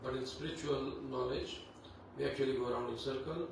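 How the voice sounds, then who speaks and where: A man leading a devotional scripture class, talking in an unhurried, conversational way with many fillers. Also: medium pitch, fairly even intonation, vocal fry. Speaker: Bhagavatam class teacher. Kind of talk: devotional class talk with Sanskrit chanting. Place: temple hall. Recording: echoey hall, distant mic, background noise.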